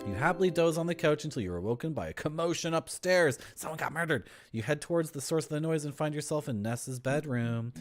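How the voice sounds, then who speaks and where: Playful streamer, lively and animated in pitch. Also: male voice, quick pace, few pauses, music in the background. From Toronto, Canada. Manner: playful, rambling, toys with words. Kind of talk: gameplay commentary, reading game text aloud.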